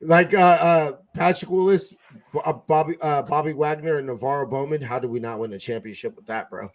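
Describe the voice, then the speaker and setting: Excitable, profane man on a fan podcast. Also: fairly high pitch, brisk. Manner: profane, excitable, swings loud and soft. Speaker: podcast co-host. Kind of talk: casual sports fan chat.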